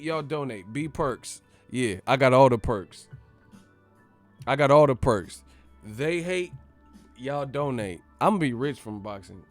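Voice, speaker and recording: A man hosting a live stream, talking in a lively voice that swings up and down. His delivery is profane, animated, and rapid, with a slightly high pitch for a man. Faint music plays behind him. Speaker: boxing channel host. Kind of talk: casual live-stream rant.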